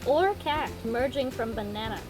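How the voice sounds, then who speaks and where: Higher-voiced woman reading out questions. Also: moderate pace, darkish tone, low-quality recording. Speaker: co-host reading out audience questions. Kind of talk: casual chat.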